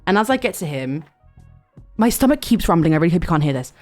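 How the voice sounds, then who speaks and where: Animated young woman streamer. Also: lowish voice, fast talker, soft background music. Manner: animated, swearing, loud outbursts. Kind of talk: casual storytelling chat.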